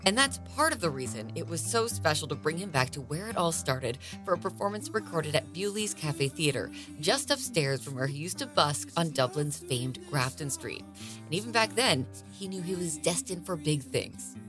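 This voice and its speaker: A woman hosting a radio music show, reading a scripted introduction in a bright, measured way. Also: sits low, sing-song. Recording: music bed behind the voice.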